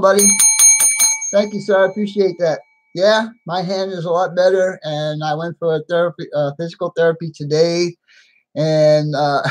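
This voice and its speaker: A middle-aged American man runs a casual live stream, welcoming viewers one by one. His voice sits a bit high for a man, and he chuckles often between greetings. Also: low-quality recording. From United States. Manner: chatty, laughs often, greets each viewer by name.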